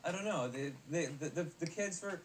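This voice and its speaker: Rambling young actor, distant mic. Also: male voice, fairly high pitch, moderate pace. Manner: rambling with many fillers and restarts. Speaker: actor guest. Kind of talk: casual interview chat. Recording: distant mic with faint noise.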